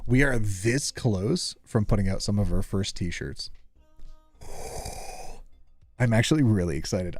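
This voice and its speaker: A man's voice: mid-range voice, dry recording. A man streaming live, chatting casually with his audience in a playful, teasing way. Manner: playful, animated, teasing, reading chat aloud.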